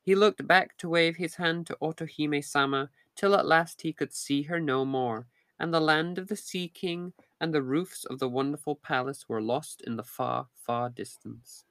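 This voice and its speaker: A man narrating a fairy tale in a steady, measured reading voice. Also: on the high side, no room sound, clean studio sound. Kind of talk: storybook reading.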